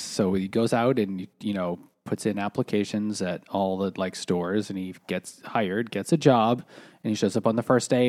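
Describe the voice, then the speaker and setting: A man's voice: fairly low pitch, a little mellow, no room sound, studio quality. A man co-hosting a casual book-club podcast, summarizing the story steadily. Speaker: podcast co-host.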